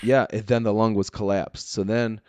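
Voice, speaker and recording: A low-voiced man spins a wild story in a relaxed chat, chuckling often and sprinkling in "dude" and "like". The sound is close and dry with no room around it. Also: moderate pace, clean tone, no room sound. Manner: animated storyteller, laughs often, says "dude" and "like". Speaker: guest telling a story. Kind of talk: casual chat.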